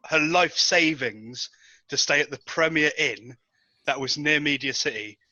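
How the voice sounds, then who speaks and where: A man's voice: fairly high pitch, unhurried, pushed and bright, dry recording. A man on a podcast, telling a rambling anecdote with lots of ums and restarts. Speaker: podcast regular telling a story. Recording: dull lo-fi dry sound.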